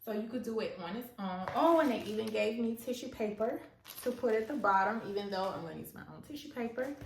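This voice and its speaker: A woman chatting excitedly to her viewers while setting things up at home, talking herself through each step. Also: fairly high pitch, quick pace. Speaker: small business owner and stay-at-home mom. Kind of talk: casual vlog chat. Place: at home, indoors. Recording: roomy echo, faint background noise.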